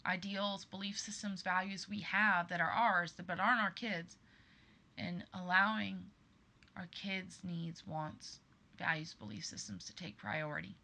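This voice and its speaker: A woman's voice: on the low side, steady tone, unhurried, bright, forceful tone. A woman in her thirties hosting a podcast, talking earnestly and with emphasis straight to her listeners. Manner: earnest, emphatic, addresses listeners as "you guys". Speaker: podcast host. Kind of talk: personal monologue to listeners.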